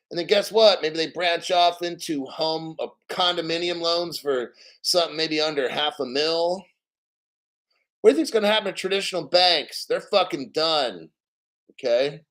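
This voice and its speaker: A man's voice: fairly high pitch, pushed and bright. A man hosting a casual livestream, reading financial news and chat comments aloud and giving blunt, profane opinions.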